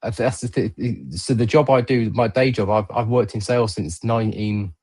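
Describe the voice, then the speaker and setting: A man's voice: fairly low pitch, normal speed, a little mellow, breathy edge. Middle-aged man, rambling podcast host. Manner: rambling, filler-heavy storytelling. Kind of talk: casual chat. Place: remote podcast stream.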